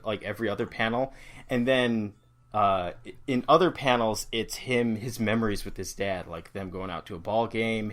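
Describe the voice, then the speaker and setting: Man halting through comic panel talk. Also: on the low side. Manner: halting, explains panel layouts with fillers. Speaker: podcast co-host. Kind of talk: casual chat about a comic.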